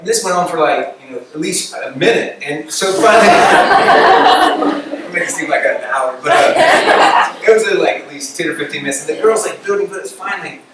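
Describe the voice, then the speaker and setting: A young man giving a casual campus sermon, animated storytelling that acts out the people he quotes. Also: a little high, brisk, heavy background noise. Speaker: campus ministry speaker. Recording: echoey room recording from far off.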